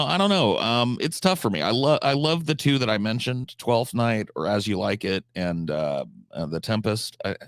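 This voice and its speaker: A man's voice: fairly low pitch, dry recording, clean studio sound. A man chatting casually on a live stream, answering chat questions, swearing freely, with frequent restarts and fillers.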